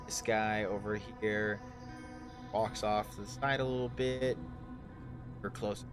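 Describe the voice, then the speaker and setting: A man narrating as game master in a live tabletop game, loose and halting with lots of fillers. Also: fairly low pitch, steady tone, music in the background.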